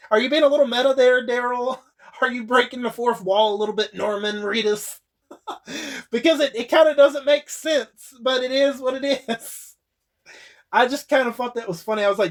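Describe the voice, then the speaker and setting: Male YouTube reviewer with a high voice, loose and chatty, swears freely, restarts sentences. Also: fairly even intonation, moderate pace, fairly bright tone. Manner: rambling, swearing, frequent laughs and restarts. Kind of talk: casual spoken episode recap.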